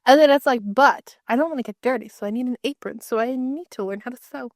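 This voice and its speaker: Bright-voiced woman riffing and laughing. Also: high-pitched, dry recording, studio quality. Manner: quick, laughing, riffs in playful chains. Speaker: podcast co-host. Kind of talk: casual podcast chat.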